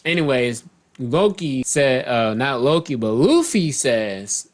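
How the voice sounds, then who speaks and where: A manga chapter reviewer, a man with a mid-range voice, talks slowly with big swings in pitch. He casually recaps and comments, rambling loosely, often correcting himself mid-sentence and reading out character lines.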